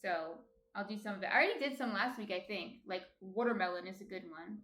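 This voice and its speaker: A woman's voice: mid-range voice, fast, a bit bright. A woman with a New Jersey accent, chatting casually on a baking stream and reading viewer comments aloud. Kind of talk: casual chat while baking. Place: home kitchen. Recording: echoey room.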